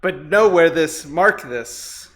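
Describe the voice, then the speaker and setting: A man chatting playfully during a tabletop game, often breaking into laughter. His voice is fairly high and bright, swinging widely in pitch. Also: expressive, slow pace. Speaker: player. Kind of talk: casual tabletop game chat.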